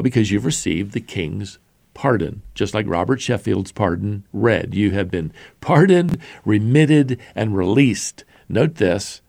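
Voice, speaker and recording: A male pastor preaching a sermon, stressing single words with slow, deliberate pauses. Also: fairly low pitch, vocal fry, darkish tone, no echo, clean studio sound.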